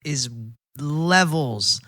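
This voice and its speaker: A man's voice: on the high side, lively intonation, very slow, pushed and bright, dry recording. A young man co-hosting a casual anime podcast, laid-back and opinionated, chiming in with corrections. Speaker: podcast co-host. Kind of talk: casual chat.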